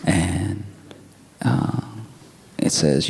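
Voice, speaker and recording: A male comedian with a deep, gravelly voice tells a story on stage. He keeps his delivery calm, wry and laid-back. There is clear noise around him in the live room. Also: moderate pace. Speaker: stand-up comedian. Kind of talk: stand-up storytelling.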